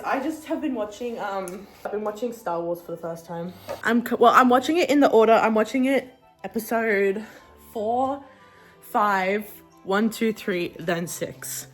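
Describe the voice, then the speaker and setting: A young woman, talking in an animated, profane, rambling way in a casual vlog. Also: fairly high pitch, breathy edge. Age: young adult. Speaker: vlogger.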